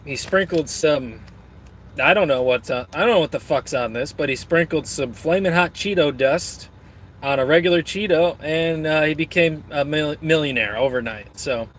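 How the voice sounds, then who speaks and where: Streamer type, man, rambling and crude, joking with chat, a bit high-pitched. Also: fairly bright tone, a little hiss or hum.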